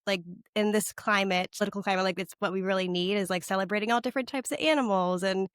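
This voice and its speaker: A woman's stuffy, nasal voice from being sick carries through a relaxed podcast chat. She rambles, dropping "like" everywhere and doubling back on herself. The sound is close and dry, with no room at all. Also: medium pitch, quick pace, clear, resonant tone, dry recording. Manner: rambling, full of "like" and restarts. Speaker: podcast co-host. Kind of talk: casual chat.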